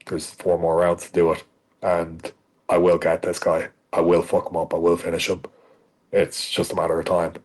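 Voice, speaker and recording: Husky blunt-talking Irish man. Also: sits low, a little mellow. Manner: blunt, heavy swearing, emphatic. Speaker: fighter guest. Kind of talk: podcast interview.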